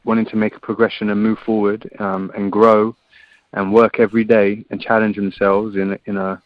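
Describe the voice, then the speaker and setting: A man from England, an English rugby player, speaks as a guest in a casual interview over a phone line. His voice sits on the low side with a level tone and normal speed, and he sounds laid-back, often saying "man." The recording is muffled but has no echo.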